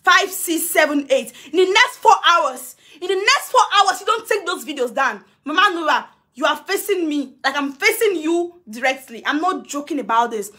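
A woman's voice: very high-pitched, expressive, moderate pace, hardly any pauses, pushed and bright. A woman with a Nigerian accent speaking straight into her phone camera on a live video, confronting someone. She talks emphatically, repeating her demands over and over and laughing now and then. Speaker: social media personality. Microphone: phone camera, face to face.

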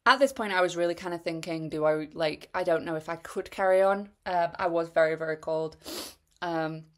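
A woman's voice: fairly low pitch, fairly quick, a bit bright. A young woman telling a rambling, chatty story about running an ultra race. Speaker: runner reviewing a race. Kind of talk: casual spoken race recap.

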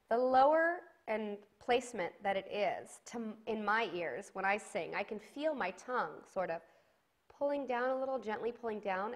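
A woman teaching a singing lesson to camera, giving encouraging instructions and demonstrating sung vowels between them. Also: medium pitch.

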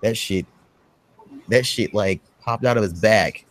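A man hosting a podcast, recapping a movie in casual, profane, rambling chat and acting out quotes in a high voice. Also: measured pace, dry recording. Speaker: podcast host.

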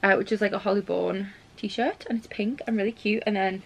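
A young woman vlogs about books to her camera mic from a home library room, her medium-pitched voice steady, fairly quick, and gravelly. She's chatty and gushing, squealing with delight and filling her talk with "like" and "um."

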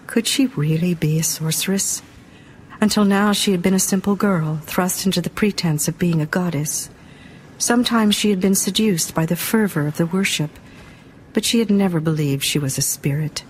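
A woman narrating an audiobook in a measured, dramatic reading style. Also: fairly low pitch, a little hiss or hum.

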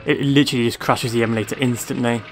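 A man's voice: medium pitch, fairly even intonation, very fast, background noise. A man giving casual gameplay commentary, sarcastic, swearing freely and talking back to the game. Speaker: let's play gamer.

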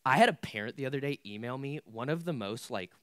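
A man's voice: mid-range voice, lively intonation, fast, a bit bright, no room sound, studio quality. A young man preaching a casual youth sermon, candid and conversational with lots of filler words. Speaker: youth pastor.

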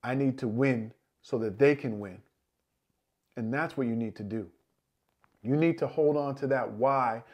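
A man's voice: mid-range voice, a little mellow. A man coaching viewers in a motivational talk, earnest and encouraging, repeating key phrases. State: emotional at times. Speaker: life coach.

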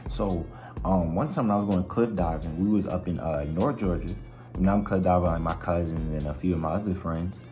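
A young man vlogging, telling a story in a slangy, expressive way and acting out other people's voices and sounds. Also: low-pitched, brisk, faint music behind. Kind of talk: animated storytelling.

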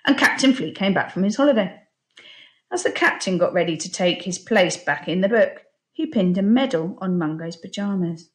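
A woman teacher reading a children's picture book aloud in an expressive storytelling voice. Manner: expressive, slow storytelling with lively pitch. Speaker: primary school teacher.

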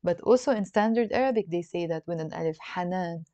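A woman's voice: on the low side, fast talker, warm tone, no room sound. A woman with a Lebanese accent teaching an online language lesson, explaining patiently and often checking in with "okay?". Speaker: Arabic teacher. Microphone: video call.

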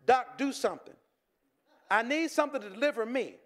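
A pleading young soldier, as a preacher puts him on, begging the doctor to cure his habit. The voice sits high and desperate, in a sermon anecdote. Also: a little fast. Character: worried male soldier, heavy smoker, pleading.

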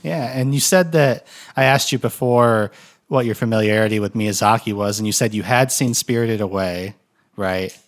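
A man's voice: on the low side, moderate pace. A man hosting a casual podcast, rambling and correcting himself with a joking tone. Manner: rambling, self-correcting and jokey. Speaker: podcast host. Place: room shared with guests.

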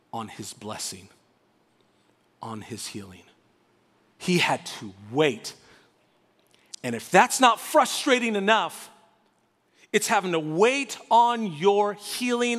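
A male pastor preaches with animated, emphatic delivery, leaning on dramatic pauses. His voice sits high and swings widely in pitch. A long reverb from the church hall trails each phrase. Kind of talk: sermon. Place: church sanctuary.

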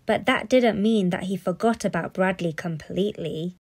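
A woman reading a children's storybook aloud in an expressive, playful way. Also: on the low side, moderate pace, slightly rough.

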